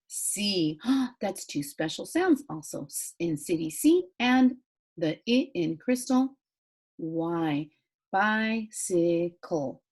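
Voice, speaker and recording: A woman teaching phonics to small children in a slow, sing-song, encouraging way, spelling out letters one by one. Her voice is mellow and a little breathy, and she speaks into a computer mic while sharing her screen. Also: medium pitch. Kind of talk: phonics lesson to young children. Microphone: computer mic, screen-share recording.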